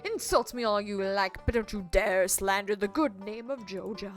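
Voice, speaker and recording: A woman's voice: medium pitch, moderate pace, soft background music, voice pushed down, close to an everyday voice. A woman voicing a smug, scornful male corporate store manager while reading game dialogue aloud. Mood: indignant.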